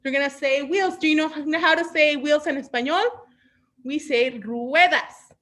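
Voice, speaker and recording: A high-pitched woman from Mexico runs a children's storytime online. She talks in an upbeat, patient way, like a teacher gently coaxing young kids, and slips Spanish words in among the English. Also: fairly even intonation, brisk. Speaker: children's librarian.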